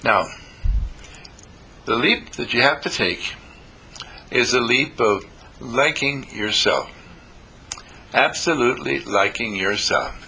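A man's voice: medium pitch, expressive, slow, long pauses, pushed and bright, a little hiss or hum, low-quality recording. A man giving a self-help talk, telling stories animatedly and acting out the voices in them. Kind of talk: storytelling talk.

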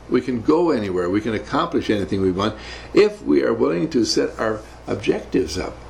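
Older man, gravelly voice, emphatic, repetitive, motivational storytelling. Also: on the low side, a little hiss or hum, low-quality recording. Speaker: speaker recounting navy service.

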